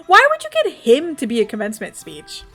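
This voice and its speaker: A woman's voice: on the high side, huge pitch swings, brisk, sharp tone, soft background music. A young woman from the States, chatting casually as a game streamer, laughing often and swearing freely. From Southern United States. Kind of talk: casual chat while gaming.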